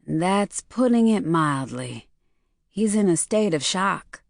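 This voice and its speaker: A weary, hoarse woman speaks low and slowly, as a woman narrator voices her, her words choked and subdued. The reading has a close, dry sound with no room. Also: expressive, no room sound, heavily acted.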